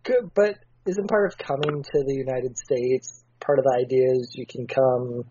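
Mellow-voiced man asking pointed questions. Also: mid-range voice, steady tone, moderate pace, muffled recording, a little hiss or hum. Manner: dry, probing questions. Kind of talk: casual chat.

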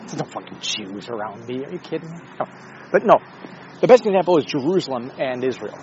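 With a mid-range, darkish voice, lively intonation and a brisk pace, a male vlogger delivers a casual monologue while walking his dog on a neighborhood street. He rambles, curses, mocks himself and talks to the dog; the highs are cut off and there's slight background noise.

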